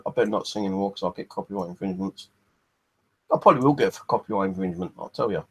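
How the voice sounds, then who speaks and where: Bloke rambling on his vlog, kinda husky low voice, swears a lot, hot and thirsty. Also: rapid-fire, fairly bright tone. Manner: rambling, sweary, lots of fillers. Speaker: vlogger. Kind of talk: casual rambling chat.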